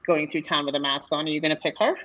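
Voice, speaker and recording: A woman's voice: low-pitched, fairly even intonation, very fast, fairly bright tone, lo-fi sound. A woman narrating as the dungeon master of a tabletop game, talking casually with plenty of fillers and restarts. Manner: chatty, hesitant, many fillers and restarts. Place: live convention panel or online session.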